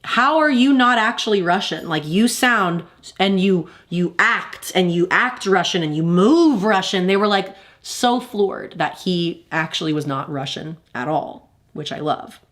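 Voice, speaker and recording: A woman's voice: on the low side, animated, measured pace, a bit bright. A woman hosting a pop culture livestream in casual chat, talking in a gushing, effusive way.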